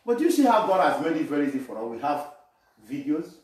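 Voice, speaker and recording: A man from Nigeria preaching a sermon with animation, shouting and laughing as he addresses the congregation. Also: on the high side, sing-song, fast. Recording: echoey room, voice from far off.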